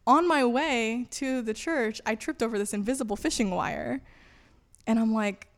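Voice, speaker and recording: A woman tells a personal story in a relaxed, conversational way. She is animated and acts out her own past thoughts as little quoted lines. She sits for an interview recorded inside a church. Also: fairly high pitch, normal speed. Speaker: guest.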